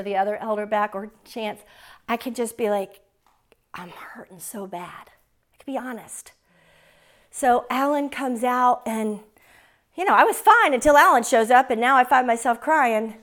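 In a church, a woman preacher with a fairly high, slightly bright voice gives an emotional sermon. She earnestly tells a personal story through tears, then rises into a fervent closing prayer over her congregation.

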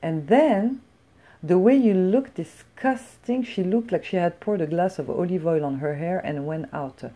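A middle-aged woman from France telling a blunt, profane story in a casual, animated rant. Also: fairly low pitch, measured pace. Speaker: vlogger.

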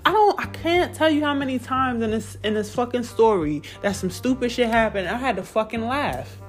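A woman's voice: fairly high pitch, animated, moderate pace, faint music behind. A woman ranting casually about a video game, profane and exasperated, often breaking into laughter. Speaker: gamer reviewing a video game.

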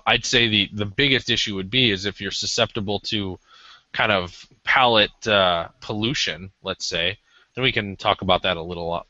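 A man's voice: low voice, sharp tone, no room sound. A man co-hosting a podcast, reviewing a cigar in a rambling, casual way with many ums. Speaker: podcast co-host. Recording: dull lo-fi audio.

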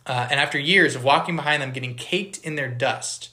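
A man's voice: mid-range voice, fairly quick, bright, forceful tone. A man giving a conversational Bible teaching on a podcast, earnest and explanatory, stopping to put questions to his listeners. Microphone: podcast microphone.

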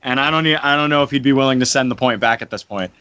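A man joking around as a contestant in a casual podcast quiz, playful with quick comebacks. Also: mid-range voice, pushed and bright, clear, resonant tone, dry recording, highs cut off.

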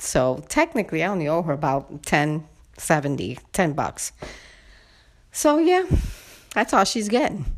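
A woman's voice: fairly low pitch, a little mellow. Indignant woman venting about a neighbor. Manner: indignant, venting, talks to viewers directly. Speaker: vlogger. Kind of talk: casual storytelling to camera.

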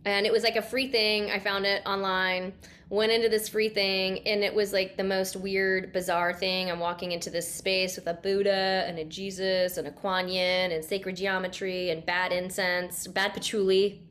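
Animated woman telling a personal story. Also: medium pitch, normal speed. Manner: animated, laughing, acts out her own past lines. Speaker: guest, sound healing practitioner. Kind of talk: storytelling in a casual interview.

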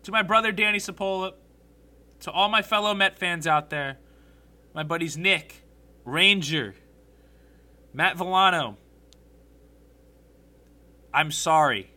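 A young man hosting a solo sports podcast, animated and blunt, swearing freely as he rants about his team. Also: sits high, a little slow, pauses often.

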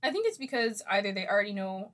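A woman talking through ideas in a loose, conversational chat. Her manner is blunt and playful, and she drops swear words without a second thought. She keeps the tone joking even when she argues a point. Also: medium pitch, fast. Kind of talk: casual chat.

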